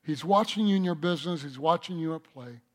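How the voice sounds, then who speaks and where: A man's voice: a little high, fairly quick. A man preaching a sermon as pastor, talking conversationally and working a joke into his message.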